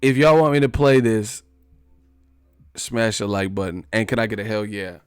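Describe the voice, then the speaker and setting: A man's voice: on the low side, steady tone, moderate pace, smooth, dry recording, clean studio sound, soft background music. A man chatting casually on a live boxing stream, swearing, joking and laughing often.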